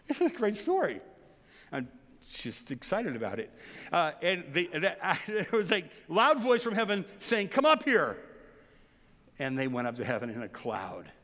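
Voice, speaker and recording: A man preaching a sermon in a church, telling the story with animated energy and laughter. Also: a little high, a little slow. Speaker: pastor. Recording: long reverb of a large hall.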